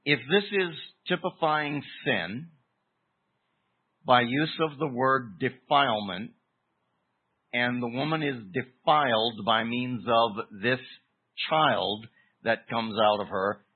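Slow, husky-voiced man preaching, phone-thin sound. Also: mid-range voice. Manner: deliberate, emphatic teaching with pauses. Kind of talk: expository sermon. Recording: tinny phone-like recording.

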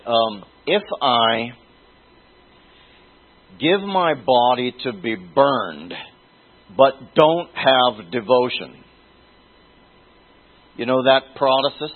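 Slow, husky man preaching over a tinny line. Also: mid-range voice. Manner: deliberate, restates phrases while searching for words. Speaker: Bible teacher. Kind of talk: Bible teaching sermon. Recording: tinny phone-like lo-fi recording.

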